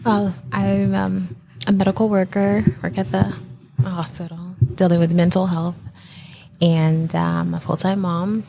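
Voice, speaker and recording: A woman's voice: lowish voice, level tone, a little slow, creaky, mellow, slight background noise. A woman who is a guest on a casual podcast, speaking hesitantly with many fillers.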